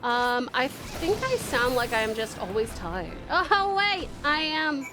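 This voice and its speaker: A woman's voice: sits high, big pitch swings, slow, over music. A young Australian woman streaming a game, chatting in a bubbly, giggly way and swearing freely. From Tasmania, Australia. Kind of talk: casual game stream chat.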